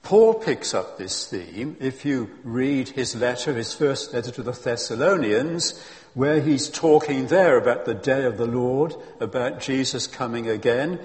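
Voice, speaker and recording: A man preaching a sermon in a lively, emphatic way, with chuckles and friendly asides. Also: mid-range voice, in a large hall.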